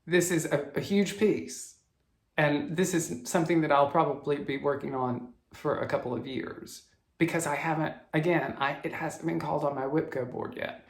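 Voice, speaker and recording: A man's voice: on the high side, vocal fry. A man with a Southern US accent, chatting casually about his cross-stitch projects, stopping and restarting his sentences often. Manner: halting, with frequent restarts and self-corrections. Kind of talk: casual show-and-tell chat. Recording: roomy echo.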